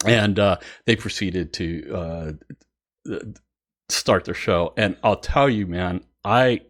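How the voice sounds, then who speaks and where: A man who hosts a music channel, telling a story casually and excitedly, with many fillers and frequent laughter. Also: sits low, slow.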